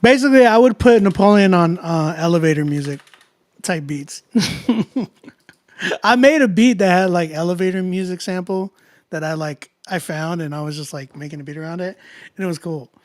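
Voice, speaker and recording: Hosting a live music critique stream, a man with a high-pitched voice chats at a normal speed with no echo. He's laid-back and jokey, laughs often, and drops plenty of slang.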